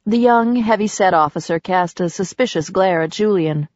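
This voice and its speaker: Woman reading a romance novel, steady, dry and kinda muffled. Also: mid-range voice, moderate pace, no echo. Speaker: audiobook narrator. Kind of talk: scripted narration.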